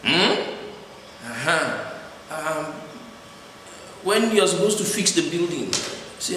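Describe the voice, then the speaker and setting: A man's voice: a little high, sing-song, slow pace, pauses often, sharp tone. A man preaching a sermon in a church hall, checking in with his listeners after each point. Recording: echoey hall with long reverb, faint noise.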